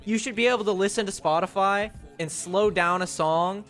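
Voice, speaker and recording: A man's voice: high voice, normal speed, fairly bright tone. A male streamer in casual live-stream chat, rambling and joking with many fillers and restarts. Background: faint music.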